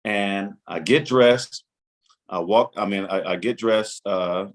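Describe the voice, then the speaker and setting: A man's voice: lowish voice, takes it slowly. A man in his forties telling a long story as a podcast guest, acting out his own inner voice and the lines of others. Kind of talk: animated storytelling.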